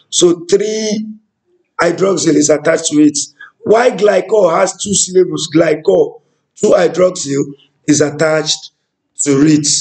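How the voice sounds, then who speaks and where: High-voiced man tutoring chemistry. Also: darkish tone, poor audio. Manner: explanatory, asks rhetorical questions. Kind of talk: exam-prep lesson walkthrough.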